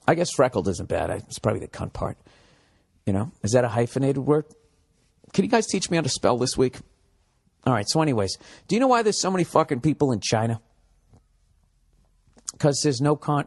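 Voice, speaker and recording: A man hosts his own comedy podcast, reading out news items and tearing into them with profane asides. He rambles, stumbles over words and bursts into mock shouting for laughs. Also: lowish voice, animated, moderate pace, pauses often. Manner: profane, riffing, shouting bits in put-on voices. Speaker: podcast host. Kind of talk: solo comedy podcast rant.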